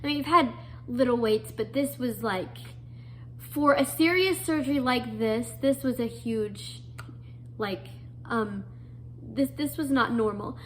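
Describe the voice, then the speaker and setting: A woman's voice: fairly high pitch, a little slow, a bit bright, a little hiss or hum. A young adult woman earnestly telling a personal story, full of fillers and restarts. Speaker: guest telling her story.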